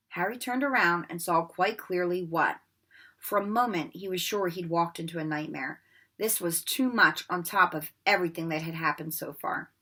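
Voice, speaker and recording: A woman reading a children's novel aloud with expressive, dramatic storytelling. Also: on the low side, slightly rough. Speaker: read-aloud narrator. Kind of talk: children's book read-aloud.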